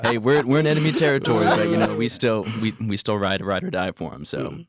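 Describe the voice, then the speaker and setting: A man's voice: fairly low pitch, fast talker, over music. A man guesting on a podcast, easygoing and joking at his own expense. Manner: easygoing, self-deprecating. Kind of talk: casual chat.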